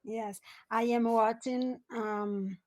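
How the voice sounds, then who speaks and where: Slow halting Brazilian woman learner. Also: fairly high pitch, steady tone, a little mellow. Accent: Brazilian Portuguese. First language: Portuguese. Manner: hesitant, halting, many fillers, nervous laughs. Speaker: English learner. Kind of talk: casual online lesson chat. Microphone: video call.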